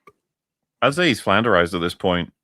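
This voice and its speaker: A man's voice: deep voice, animated, a little fast, pushed and bright, dry recording, studio quality. A man co-hosting a casual podcast chat, blunt and sarcastic, swearing and laughing often. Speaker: podcast co-host.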